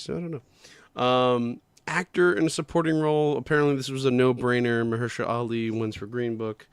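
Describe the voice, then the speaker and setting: A man's voice: mid-range voice, fairly even intonation, brisk, clean tone, no echo. Casual rambling podcast co-host man. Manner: rambling, swears often, loses names. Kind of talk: casual chat.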